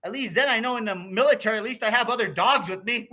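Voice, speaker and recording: American man, rambling vlog rant, constant swearing, high voice, bright tone. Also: quick pace. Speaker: YouTuber.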